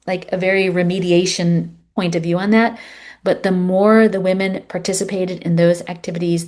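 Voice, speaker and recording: A middle-aged woman speaks with a slightly low pitch, telling a story as a podcast guest. She talks in an earnest, animated way, full of "like" and "you know". Her delivery is conversational and heartfelt.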